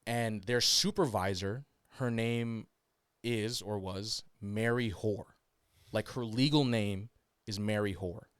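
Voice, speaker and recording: A man co-hosting a podcast, telling a story in a casual, animated way, laughing often and swearing freely. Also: on the low side, slow, clean tone, no echo, studio quality. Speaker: podcast co-host.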